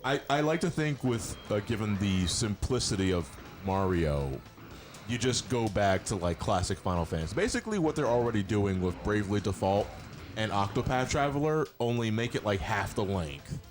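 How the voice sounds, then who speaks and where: A man's voice: fairly low pitch, expressive, normal speed, soft background music. A man hosting a casual game stream, joking and reading donations aloud. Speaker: stream host.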